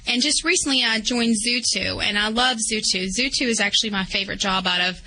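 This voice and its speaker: Bright-voiced Southern woman vet. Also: on the high side, fairly quick, rough recording. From West Virginia. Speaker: veterinarian guest. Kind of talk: phone-in interview.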